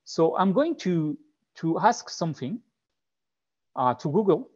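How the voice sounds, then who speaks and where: A man with a heavy French accent walks through a live tech demo, pausing often on fillers and restarting his sentences. His voice sits fairly high, and the recording is dull and muffled. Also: big pitch swings, a little mellow. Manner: hesitant, many fillers and restarts. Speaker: webinar presenter.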